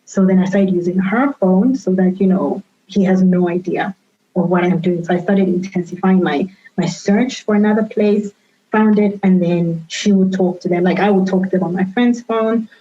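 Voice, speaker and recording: A woman guest telling her own story candidly in a reflective way, often pausing and restarting her sentences. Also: on the low side, mellow. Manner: reflective, with frequent fillers and restarts. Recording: dull lo-fi sound.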